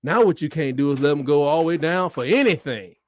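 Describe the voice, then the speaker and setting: A man giving live, excitable reaction commentary on a football game, swinging between shouts and mutters. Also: a little high, fast talker, no room sound, clean studio sound. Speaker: fan watch-along host.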